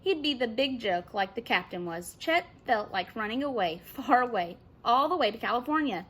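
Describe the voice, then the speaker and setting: A woman teacher reading a children's novel aloud with expressive narration. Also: fairly high pitch, normal speed, slightly rough.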